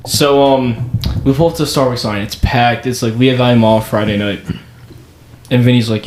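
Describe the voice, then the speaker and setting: A man's voice: mid-range voice, moderate pace. A man co-hosting a podcast, telling a story and acting out the quotes with lots of laughter. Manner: animated, acts out quotes, laughs a lot. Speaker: podcast co-host. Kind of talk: casual storytelling. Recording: roomy, noisy podcast room.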